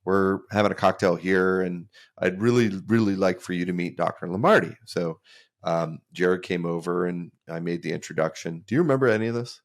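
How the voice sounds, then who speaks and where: A man's voice: sits low, brisk. A man co-hosting a podcast, telling a rambling anecdote with repeated words. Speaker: podcast host. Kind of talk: casual podcast chat, storytelling.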